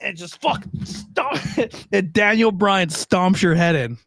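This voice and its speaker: Podcast host, man, profane and joking, slightly high voice, dry close mic. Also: expressive, slow pace, creaky, fairly bright tone, no room sound. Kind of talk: casual chat.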